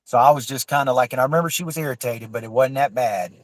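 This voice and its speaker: A man's voice: mid-range voice, fast, no room sound, rough recording. A man tells a long personal story in a casual, rambling way. He swears freely and circles back through fillers and restarts. The recording is close and dry, with no room sound. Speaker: guest telling a personal story.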